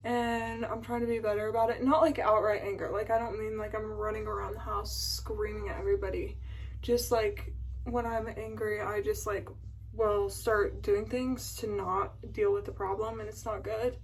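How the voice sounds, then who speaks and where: A woman's voice: medium pitch, flat delivery, moderate pace, low-quality recording. A woman in her twenties chatting casually to a phone camera at home, rambling with lots of fillers and emotion. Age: 20s. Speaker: vlogger. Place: at home, indoors.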